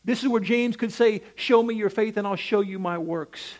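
A male preacher gives a sermon in a high-pitched voice at a normal speed. His emphatic cadence rises and falls, and he often puts direct questions to the congregation.

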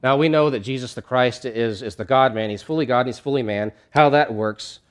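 A man's voice: medium pitch, brisk. A man preaching a sermon in a conversational, emphatic way, often restarting his phrases.

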